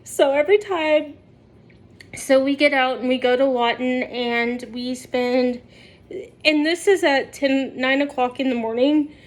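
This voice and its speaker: A woman's voice: sits high, a little slow. A woman vlogger telling a story to her viewers in a chatty way, often laughing as she talks. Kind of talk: casual storytelling to camera.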